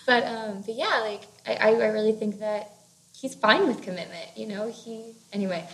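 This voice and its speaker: A woman's voice: a little high, moderate pace. A woman co-hosting a casual book discussion, rambling with lots of "like" and "you know". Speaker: podcast co-host discussing a book. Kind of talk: casual chat. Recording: roomy echo with faint background noise.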